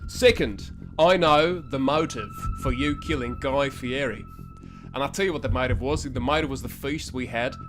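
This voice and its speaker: A man's voice: medium pitch, normal speed, music in the background. A man co-hosting a comedy role-play podcast, rambling through mock-detective accusations and then signing off the episode. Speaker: podcast co-host and player.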